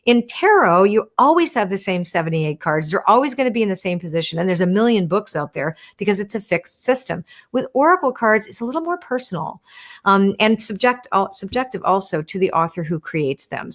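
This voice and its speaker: Woman chatting on a live stream, gentle and talky, keeps asking "right?". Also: mid-range voice. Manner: warm, chatty, explains gently with frequent "right?" and "you wanna". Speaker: oracle card reader hosting a live stream. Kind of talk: casual teaching live stream answering viewer questions.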